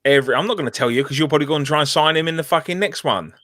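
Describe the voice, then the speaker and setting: A man's voice: fairly high pitch, very fast, a bit bright. A man, a guest on a football stream, blunt and swearing in casual chat.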